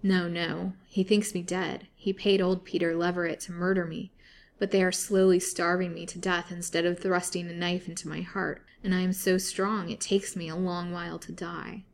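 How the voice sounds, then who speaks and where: A woman's voice: lowish voice, level tone, moderate pace, vocal fry. A woman voicing a starving imprisoned woman who pleads desperately, in a storybook reading. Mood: pleading. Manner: imploring, mournful storybook reading.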